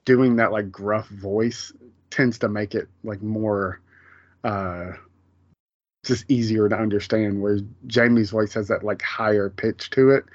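A man's voice: on the low side, fairly even intonation, slow, dry recording. A man co-hosting a casual podcast, talking loosely with plenty of fillers and easy laughter. The recording is dry and a bit dull, with little room sound. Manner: chatty, laughs often, many fillers. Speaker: podcast co-host. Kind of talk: casual chat.

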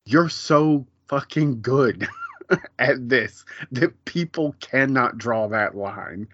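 A man's voice: medium pitch, lively intonation, takes it slowly, fairly bright tone, no room sound, dull audio. A man co-hosting a podcast, chatting casually in a rambling way with many fillers and restarts. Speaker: podcast co-host. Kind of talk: casual chat.

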